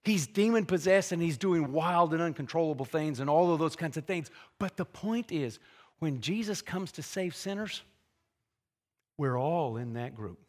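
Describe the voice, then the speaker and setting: A man's voice: fairly high pitch, expressive, moderate pace. A man preaching an expository sermon in an earnest, conversational way, often restarting phrases and adding asides.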